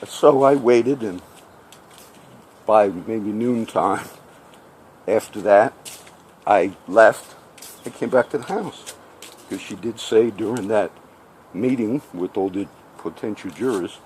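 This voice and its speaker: Low-voiced man telling a story. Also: measured pace, pauses often, slight background noise. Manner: animated, acts out each side of the dialogue; repeats "I said" often. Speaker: storyteller recounting a personal legal run-in. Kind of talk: casual spoken storytelling.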